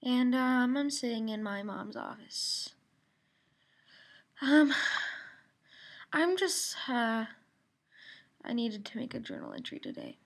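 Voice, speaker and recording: A woman's voice: a little high, takes it slowly, gravelly, long pauses. A teenage girl rambling through a casual video journal from her mother's office, venting with lots of ums and likes. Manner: rambling and venting, full of fillers. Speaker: video diarist.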